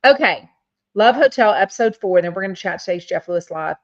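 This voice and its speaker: Woman host, casual gossipy chat, filler-heavy, mid-pitched, lo-fi mic. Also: animated, a little fast. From Texas. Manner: chatty, reads viewer comments aloud, many fillers. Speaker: podcast host. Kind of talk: casual chat reading live comments.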